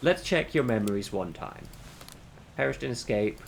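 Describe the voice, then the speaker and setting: A man's voice: medium pitch, animated, normal speed, creaky, slight background noise. A man streaming a game, who talks to himself in a casual, rambling way and often corrects himself. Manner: thinks aloud, rambling and self-correcting. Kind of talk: casual gameplay commentary.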